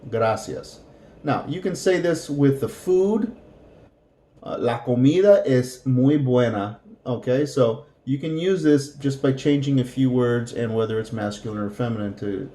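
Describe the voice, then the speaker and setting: A man teaching a beginner language lesson, repeating words slowly and patiently for practice. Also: medium pitch, dark tone, echoey room. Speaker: Spanish teacher.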